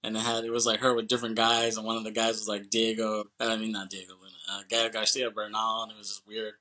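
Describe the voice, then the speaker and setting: A man's voice: fairly low pitch, completely flat delivery, fast, sharp tone. A man co-hosting a movie podcast, chatting casually and rambling as he swears and acts out scenes. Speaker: podcast co-host.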